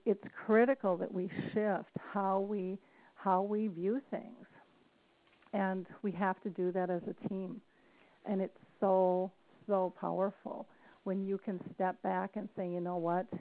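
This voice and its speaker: A middle-aged woman, a family caregiver and speaker, tells personal stories earnestly in a podcast interview. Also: medium pitch. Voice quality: earnest, storytelling delivery with restarts. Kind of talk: emotional podcast interview over the phone. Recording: tinny phone line, dry.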